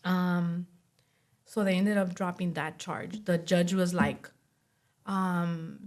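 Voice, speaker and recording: A young woman talking as an interview guest, telling a personal story in a casual way. She speaks in quick runs full of "like" and acts out what others said. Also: fairly low pitch, steady tone, a little mellow.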